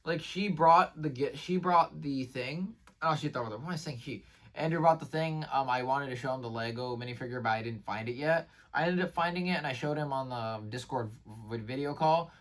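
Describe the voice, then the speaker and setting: A man recapping his day in a casual vlog, rambling and excitable, with lots of fillers and restarted sentences. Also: medium pitch, normal speed, distant mic. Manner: rambling, filler-heavy, says "like" and "bro" constantly. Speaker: vlogger.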